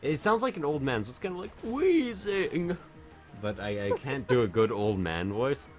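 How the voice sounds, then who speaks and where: A man's voice: mid-range voice, very animated, brisk, faint music behind. A man streaming a video game while drunk, chatting casually, rambling and swearing a lot.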